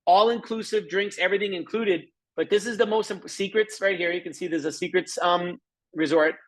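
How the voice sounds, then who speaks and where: A middle-aged man giving an excited, chatty sales presentation over a live screen share, with lots of asides to viewers. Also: high-pitched, brisk. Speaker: presenter of a travel membership.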